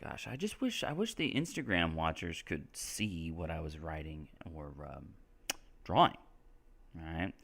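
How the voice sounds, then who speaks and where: A man's voice: extremely low pitch, very animated, unhurried, gravelly, fairly bright tone. A man from Texas teaching English on a live stream, explaining in a casual, chatty way and checking in with "right?" as he goes. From Texas, United States.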